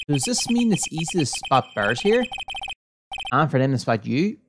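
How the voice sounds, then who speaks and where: A woman streamer reading a video game's text aloud in a plain, low-key way, adding small asides as she plays. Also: very animated, normal speed, noisy background. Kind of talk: reading game dialogue aloud while playing. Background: game music.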